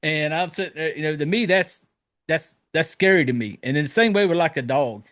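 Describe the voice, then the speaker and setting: A man's voice: a little high, a little fast. A man hosting a podcast, chatting casually and swearing freely as he tells stories and acts out lines. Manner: profane, animated storytelling with acted-out quotes. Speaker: podcast host. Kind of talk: casual chat.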